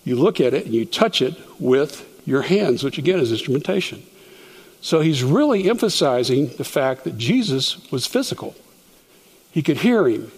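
A man's voice: fairly high pitch, very animated, moderate pace, a little mellow, breathy edge, in a large hall. A man teaching a Bible study verse by verse, explaining as he goes and often stopping to restart a word. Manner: explanatory, stops to restart words.

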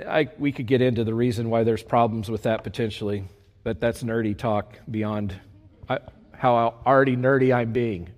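Lively man preaching in an echoey hall. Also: medium pitch, moderate pace. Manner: animated, conversational preaching with folksy asides. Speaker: pastor. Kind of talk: sermon.

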